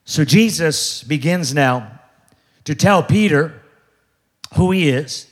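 A man with a high voice preaches a lively sermon from a church stage. He jokes, shifts into little acted voices of other people, and keeps his congregation involved. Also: slow pace. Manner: animated, jokey, acts out voices of others. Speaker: pastor. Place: large church before a congregation.

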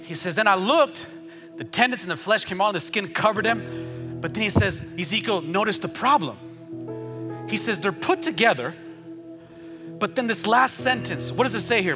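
A male preacher delivering an energetic sermon to a congregation, swinging between quiet teaching and shouted, rhythmic build-ups. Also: high-pitched, normal speed, long pauses, big-room sound, over music.

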